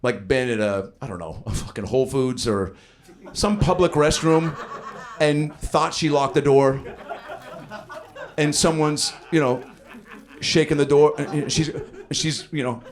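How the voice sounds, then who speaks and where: A man's voice: on the high side, measured pace. A man in his thirties doing improvised stand-up in a comedy club, telling loose, profane stories and working the crowd. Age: 30s. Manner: loose, profane storytelling with lively voiced quotes. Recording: live club with crowd laughter. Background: audience laughing.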